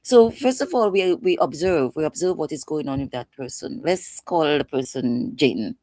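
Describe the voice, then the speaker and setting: Woman, low voice, dry close sound, passionate and emphatic expert guest. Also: animated, normal speed, mellow, no room sound. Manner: passionate, emphatic, acts out quotes. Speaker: guest expert on mental health. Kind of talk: instructive interview talk.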